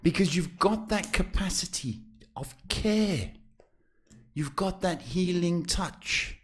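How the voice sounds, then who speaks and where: A man's voice: sits high, expressive, slightly rough. Chatty man giving psychic readings. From South Africa. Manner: reassuring, chatty, drawn-out emphasis with many fillers. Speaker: psychic host. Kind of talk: live tarot reading podcast.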